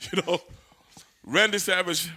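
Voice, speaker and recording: A man, a former pro wrestler, telling backstage stories in a casual interview, animated and full of profanity. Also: mid-range voice, normal speed. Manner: animated, profane, laughing storyteller.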